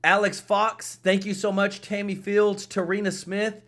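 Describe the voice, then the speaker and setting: Man, higher voice, emphatic repetitive host addressing viewers. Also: little pitch movement, a little slow, fairly bright tone. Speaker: political commentary host. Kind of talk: casual political commentary.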